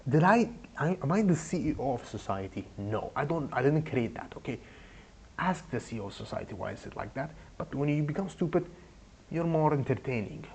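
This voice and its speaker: A young man giving casual advice in a goofy, rambling way, speaking deliberately broken English. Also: medium pitch, sing-song, a little hiss or hum. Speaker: advice vlogger.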